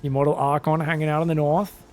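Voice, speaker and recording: A man's voice: on the high side, little pitch movement, quick pace, darkish tone, faint music behind. A man casting a live esports match with chatty, joking play-by-play. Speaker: esports caster. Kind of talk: live game commentary.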